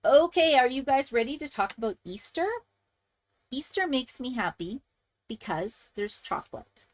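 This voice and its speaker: A woman's voice: on the high side, animated, moderate pace. A woman hosting a crafting channel, chatting casually and enthusiastically to viewers as she shows handmade card samples.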